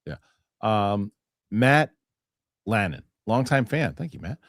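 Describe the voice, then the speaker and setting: A man's voice: fairly low pitch, sing-song, slow, no room sound, studio quality. A middle-aged man hosting a casual chat show, rambling with restarts and acting out other people's lines. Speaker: host.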